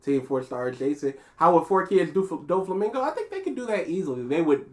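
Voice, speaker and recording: A man co-hosting a live reaction stream, rambling and joking in casual chat, often trailing off quietly. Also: a little high, big pitch swings, quick pace. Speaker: co-host.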